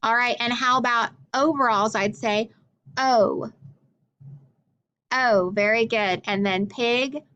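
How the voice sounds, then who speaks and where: A woman's voice: a little high, steady tone, pushed and bright, highs cut off. Encouraging woman teaching a phonics lesson. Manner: encouraging, slow and clear, with frequent praise. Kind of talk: phonics lesson for young children.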